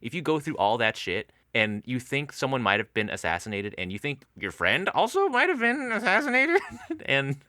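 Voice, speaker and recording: A man's voice: medium pitch, normal speed, dry recording, clean studio sound. A man co-hosting a podcast, reviewing a film in casual chat, swearing freely and acting out scenes. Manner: animated, profane, acts out scenes. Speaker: podcast co-host.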